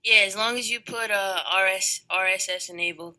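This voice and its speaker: A woman co-hosting a podcast in casual chat, relaxed and matter-of-fact, with dry asides. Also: mid-range voice, normal speed, low-quality recording. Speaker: podcast co-host.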